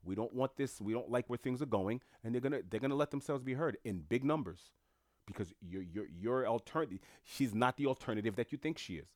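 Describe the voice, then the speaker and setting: A man's voice: medium pitch, animated, brisk, darkish tone, no echo, studio quality. A man giving an impassioned casual monologue to viewers, emphatic, repeating phrases with slangy asides. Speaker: commentator speaking to viewers.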